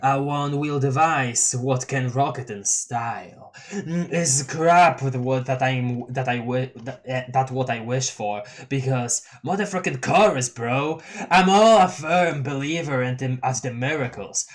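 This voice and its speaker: A reader puts on a laid-back clown troll boy who drags out his words in slow, rambling rhymes, swearing and honking as he goes. The pitch sits in a medium range, and the pace is unhurried. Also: close to an everyday voice. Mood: mellow drawl. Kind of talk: dramatic reading of a webcomic.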